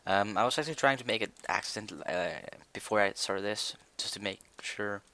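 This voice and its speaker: A man's voice: fairly low pitch, moderate pace, pushed and bright. A young man chatting casually while he plays a building game, rambling and hesitant with many fillers. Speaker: gaming video creator. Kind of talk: casual Minecraft commentary.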